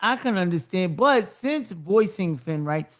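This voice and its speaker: A man hosting a podcast, asking questions in a relaxed, conversational and slangy way. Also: sits high, unhurried. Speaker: podcast host. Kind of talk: casual podcast interview.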